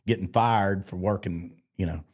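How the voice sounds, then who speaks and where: A man's voice: low voice, normal speed, a little mellow. A man, a podcast guest and former rodeo barrelman, telling stories in a casual interview and acting out the voices of people he quotes.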